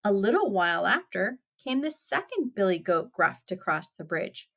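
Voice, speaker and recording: A woman teacher reading a picture book aloud to children, pausing to point out the pictures and explain words. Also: medium pitch, big pitch swings, a bit bright.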